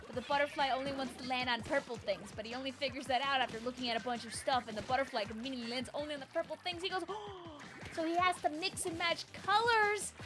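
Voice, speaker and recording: High-voiced chatty young woman streamer. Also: fairly even intonation, quick pace, few pauses. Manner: rambling, chatty, laughing often, reads out chat. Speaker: game streamer. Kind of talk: casual live-stream chat while gaming. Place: home. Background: game music.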